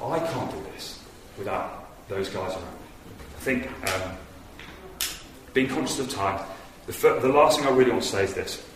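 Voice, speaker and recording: A man giving an earnest, conversational sermon in a church hall, telling stories with animation. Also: fairly low pitch. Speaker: preacher. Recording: echoey hall from far off with noise.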